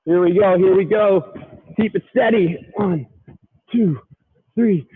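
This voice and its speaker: A man leads a live workout with a high, bright voice, counting reps and cheering the listener on. He gets winded between rounds. The sound is thin and tinny, like a phone line. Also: slow, husky. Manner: upbeat, counting reps and urging on. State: out of breath at times. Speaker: fitness coach.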